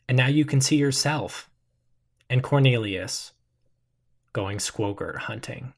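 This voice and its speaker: A man narrating as game master of a tabletop game in a slow, measured storytelling manner. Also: medium pitch, gravelly.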